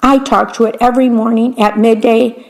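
A woman's voice: on the high side, fairly even intonation, fairly quick, close to an everyday voice. A woman doing a grumpy, self-important man. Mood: cross. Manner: cross, demanding. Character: grumpy, self-important man who owns a big house.

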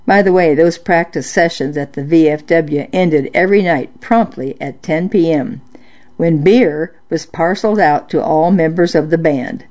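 A woman reading listener-sent nostalgic stories aloud in a measured storytelling narration. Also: low voice, darkish tone, highs cut off. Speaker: story reader.

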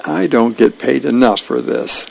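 A man voicing a tired mother who answers in a dry, deadpan way. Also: mid-range voice, measured pace, creaky. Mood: weary.

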